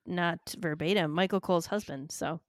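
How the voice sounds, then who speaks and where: A woman's voice: lowish voice, moderate pace, dry recording, clean studio sound. A woman co-hosting a casual podcast chat, wry and teasing in her remarks. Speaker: podcast co-host.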